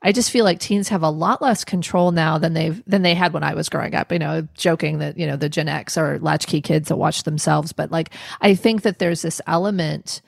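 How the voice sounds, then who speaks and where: A woman in her forties with a low, gravelly voice talks through ideas as a therapist on a podcast. She speaks thoughtfully and often restarts while searching for words. Her voice sounds close and dry, with no room echo. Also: brisk, hardly any pauses. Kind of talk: professional podcast conversation.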